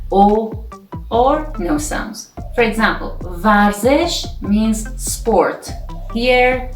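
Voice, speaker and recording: Slow, patient woman teaching in an echoey room. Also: mid-range voice. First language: Persian. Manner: careful, explains each letter step by step. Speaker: language teacher. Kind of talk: slow, patient alphabet lesson. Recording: echoey room with faint music.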